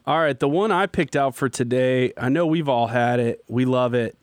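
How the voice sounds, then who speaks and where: A man's voice: medium pitch, normal speed, no room sound. Upbeat male host in dry close sound. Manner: enthusiastic, jokey, leads the segments. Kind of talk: casual chat.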